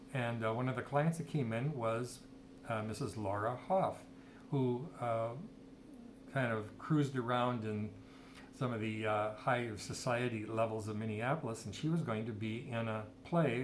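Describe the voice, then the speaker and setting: A man's voice: mid-range voice, slight background noise. A middle-aged man casually telling a rambling personal story and quoting people's dialogue. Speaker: storyteller sharing personal history.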